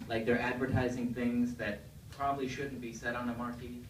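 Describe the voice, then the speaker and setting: A man's voice: medium pitch, little pitch movement, fairly quick. A male stand-up comedian talking to the crowd on a club stage in a loose, conversational way and throwing questions at the audience. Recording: echoey room, distant mic, faint noise.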